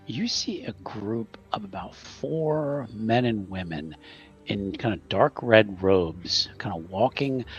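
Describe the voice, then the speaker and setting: Male game master, casual narration, lowish lively voice, dull lo-fi mic. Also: breathy edge. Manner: casual, filler-heavy narration.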